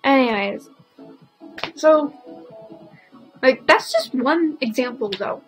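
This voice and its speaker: A teenage girl ranting casually to camera, rambling and indignant, filling every pause with "like". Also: high-pitched, expressive, faint music behind, low-quality recording. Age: teens. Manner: rambling, packed with "like" fillers; indignant, opinionated. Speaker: vlogger.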